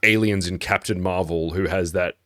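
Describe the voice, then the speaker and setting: Australian man as a laid-back game master, lowish voice, dry close mic. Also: steady tone, normal speed, pushed and bright, dry recording. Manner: chatty and loose, laughs easily. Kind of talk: casual stream intro.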